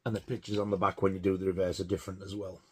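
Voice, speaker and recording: A man's voice: sits low, little pitch movement, rapid-fire, husky. A man giving a casual, rambling film review, hesitant with many fillers. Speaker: film collector reviewing horror films.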